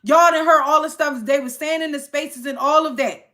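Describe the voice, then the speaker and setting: A woman's voice: sits high, steady tone, normal speed, a bit bright. A young woman hosting a casual livestream, ranting to her chat in an exasperated way. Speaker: livestream host.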